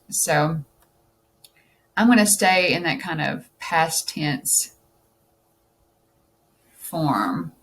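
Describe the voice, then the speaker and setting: A woman's voice: deep voice, expressive, very slow, pauses often, a bit bright. A woman tutoring test prep, thinking aloud as she explains answers and checking in with "okay?".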